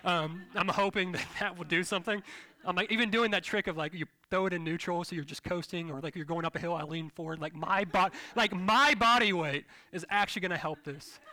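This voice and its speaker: A young man preaches with a bright, fairly high and forceful voice. He tells his story in an animated, self-deprecating way, joking with the room. The recording is dry and close, with no room sound. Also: a little fast, no room sound. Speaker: pastor. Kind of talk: sermon.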